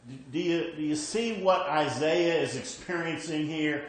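A man preaching a sermon in a conversational way, often checking in with "okay?" and dropping quiet when he reads scripture aloud. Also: lively intonation, a little slow, hardly any pauses, very echoey, poor audio. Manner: rises for emphasis, then drops low and quiet when reading scripture.

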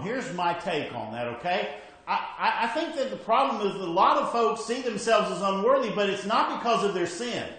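A man preaching a sermon in a conversational way, often checking in with "okay?" and dropping quiet when he reads scripture aloud. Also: heavy reverb, poor audio. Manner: rises for emphasis, then drops low and quiet when reading scripture.

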